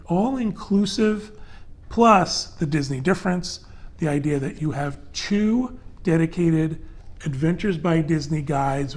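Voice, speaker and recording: A male podcast host with a somewhat high voice chats loosely through a panel discussion. He peppers his talk with fillers and lays out details step by step. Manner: chatty, loose and conversational with many fillers. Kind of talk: casual panel chat.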